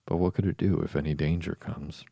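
A man voicing a curious, polite little girl in a soft bedtime reading. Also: very deep voice, steady tone, brisk, vocal fry, husky, no room sound, exaggerated voice. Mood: wondering.

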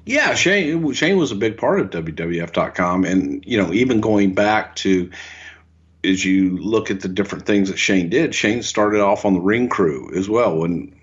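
An older man co-hosting a podcast, telling relaxed stories, chuckling often and acting out quotes. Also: lowish voice, normal speed, husky, muffled recording. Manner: relaxed, chuckling storyteller who acts out quotes. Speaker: podcast co-host and former wrestling executive. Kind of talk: anecdotal storytelling.

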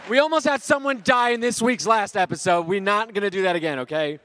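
Guy hosting an improv show, kinda high voice, bossy teasing quizmaster. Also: quick pace, fairly bright tone. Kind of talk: live improv comedy hosting.

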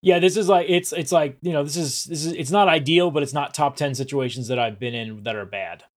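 A man co-hosting a podcast, recapping a TV episode in a relaxed, casual way with some stammering restarts. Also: fairly high pitch, brisk. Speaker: podcast co-host.

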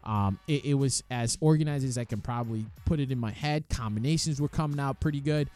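A man casually telling the story of his amateur boxing match, lively and animated, acting out the quoted voices and swearing freely. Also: medium pitch, brisk, faint music behind.

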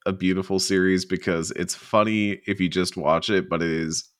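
A man, co-hosting a podcast in a lively, laughing, rambling way. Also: low-pitched, no room sound, studio quality. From Southern United States. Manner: animated, quick to laugh, rambling with restarts. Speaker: podcast co-host. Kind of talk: casual podcast chat.

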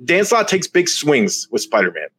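A man co-hosting a casual comic book chat, animated and quick to mock outrage, laughing often. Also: fairly high pitch, breathy edge, no room sound. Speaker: comic book podcast co-host.

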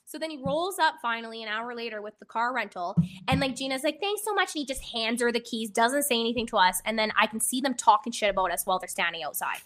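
Bright, animated young woman telling a story. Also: a little high, quick pace, few pauses. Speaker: podcast host. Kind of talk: casual chat.

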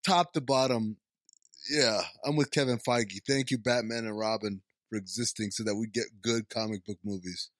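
A man's voice: fairly low pitch, steady tone, moderate pace, a bit bright, no room sound. A man co-hosting a movie podcast, ranting emphatically and laughing about a bad film. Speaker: podcast co-host. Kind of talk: casual movie review chat.

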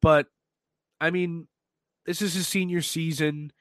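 A man hosting a sports podcast, talking in an animated, excitable way with lots of restarts. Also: on the high side, unhurried, no echo. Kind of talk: casual sports talk.

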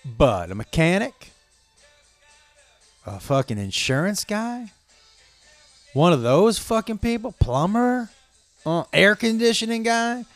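A man's voice: high voice, very animated, slow, pauses often, no room sound. A man delivering an angry, profanity-heavy, stream-of-consciousness rant to his viewers. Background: faint music playing.

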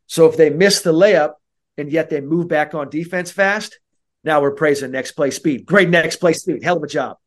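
A man's voice: on the high side, moderate pace. A man who is a mental skills coach, speaking as a podcast guest and acting out kids' and coaches' voices. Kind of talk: podcast interview.

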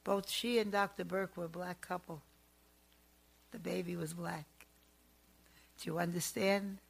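A woman who works as a psychic, telling family stories in a chatty, animated and emphatic way. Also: lowish voice, unhurried, vocal fry, long pauses, slightly rough. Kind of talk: storytelling monologue.

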